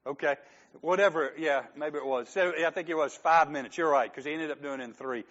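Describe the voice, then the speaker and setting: Joking pastor with a higher voice. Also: male voice, a little fast, a bit bright, lo-fi sound. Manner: conversational and joking, acts out quoted lines. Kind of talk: sermon.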